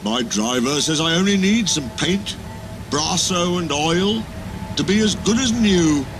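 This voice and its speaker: A man's voice: fairly high pitch, expressive, background noise, voice pushed up. A man voicing a sad, proud old traction engine. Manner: wistful, slow-paced reminiscing. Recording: music playing behind.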